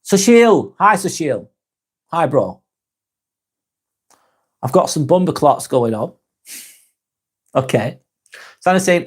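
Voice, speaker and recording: A man's voice: a little high, slightly rough. A man hosting a casual live stream, reading out chat comments in a rambling, sweary, sometimes sarcastic way.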